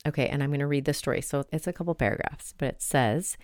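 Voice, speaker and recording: Low-voiced chatty woman telling stories. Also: fast talker, a little mellow, dry recording, clean studio sound. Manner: chatty, storytelling with many fillers. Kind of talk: casual reflective monologue with read-aloud story.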